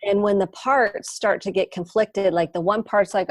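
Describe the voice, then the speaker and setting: A woman psychotherapist speaking as a podcast guest, animated and emphatic, repeating her points, over a video call. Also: medium pitch, normal speed, hardly any pauses, no echo. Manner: animated, acts out inner voices, emphatic repetition. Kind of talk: conversational podcast interview.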